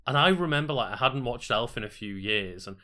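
A man chatting casually as a podcast co-host, relaxed, agreeable and sweary. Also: medium pitch, fairly quick. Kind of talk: casual chat.

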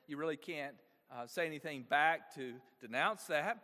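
Male pastor, high-pitched and animated, asks the room questions; big church reverb. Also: moderate pace. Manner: engaging, asks the congregation frequent rhetorical questions. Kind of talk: sermon.

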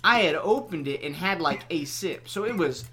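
A young man, a podcast guest, telling a school story in animated, laughing casual chat and swearing freely. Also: on the high side, moderate pace.

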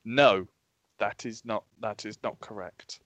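A man's voice: fairly low pitch, measured pace, fairly bright tone, dry recording. A man hosting a podcast in casual chat, making dry, blunt remarks. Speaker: podcast host.

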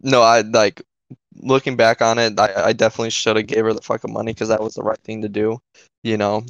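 Gravelly man telling a story. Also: lowish voice, flat delivery, brisk, no room sound. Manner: profane, filler-heavy, keeps asking "right?". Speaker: podcast co-host. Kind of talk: casual storytelling. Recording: dull lo-fi dry recording.

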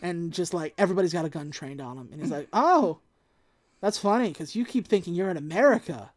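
A woman's voice: fairly low pitch, lively intonation, a little fast. A woman co-hosting a casual podcast, recapping a movie and acting out its lines in mock voices. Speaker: podcast co-host.

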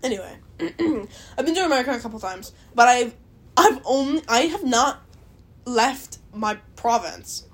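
A woman's voice: a little high, lively intonation, measured pace. A young Canadian woman hosting a podcast, rambling casually, swearing a lot and laughing often. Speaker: podcast host. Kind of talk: casual solo chat.

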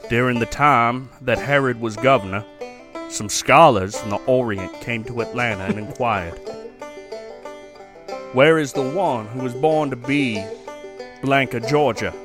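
A drawling Southern storyteller reading scripture out loud, put on by a man. He speaks at a middling pitch, and his phrasing is folksy and unhurried. The voice is louder than his everyday talk. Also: natural voice.

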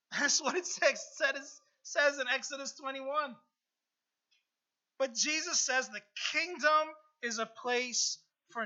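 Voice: mid-range voice, steady tone, takes it slowly, bright, forceful tone, highs cut off. A pastor preaching a sermon and reading scripture, earnest, repeating phrases and asking "right?" often. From United States.

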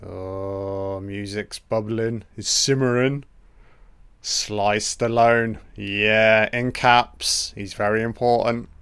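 A man hosting a casual film commentary, reacting excitably and swearing freely as the film plays. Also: fairly low pitch, slow pace, smooth, no echo. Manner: profane, excitable running reactions.

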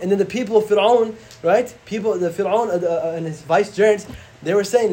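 An imam giving a relaxed religious lesson to a class. He talks quickly in a fairly high voice, with a casual, slangy way of speaking. He rattles off Arabic recitations at speed. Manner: conversational, slangy, recites Arabic verses rapidly.

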